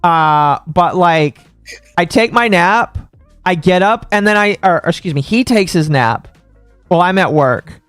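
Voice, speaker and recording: A man's voice: sits high, lively intonation, a little slow, fairly bright tone, no echo, soft background music. A man hosting a live stream in a casual rant, heated and swearing, with frequent stammers and restarts. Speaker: stream host.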